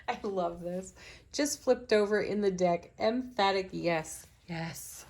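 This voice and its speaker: A woman's voice: medium pitch, darkish tone. A middle-aged woman giving an enthusiastic, affirming spiritual tarot reading. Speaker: tarot reader.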